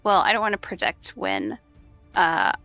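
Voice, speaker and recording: A woman's voice: fairly low pitch, sing-song, moderate pace, sharp tone, dry recording, soft background music. A woman co-hosting a podcast in casual chat, easygoing and laughing often. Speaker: podcast co-host and editor.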